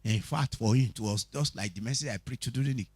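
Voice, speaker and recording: A man's voice: mid-range voice, a little fast, breathy edge, no room sound. A man with a Nigerian accent, teaching a Bible study, who keeps asking his listeners questions and tells stories with energy. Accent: Nigerian, Yoruba-speaking. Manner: preachy, asks the audience questions, animated storytelling. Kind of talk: teaching sermon.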